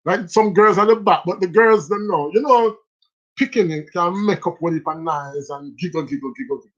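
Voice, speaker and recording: A host with a Jamaican accent telling funny stories in a casual live stream, animated and laughing often. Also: mid-range voice, normal speed, highs cut off. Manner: animated, laughs often between lines, speaks Jamaican Patois.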